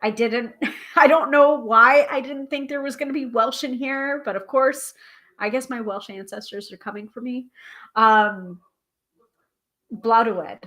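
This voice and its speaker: A woman hosting a live tarot stream, chatting casually and reading aloud from a guidebook, self-deprecating and a little halting over hard names. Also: on the high side, a bit bright. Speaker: tarot reader and livestream host.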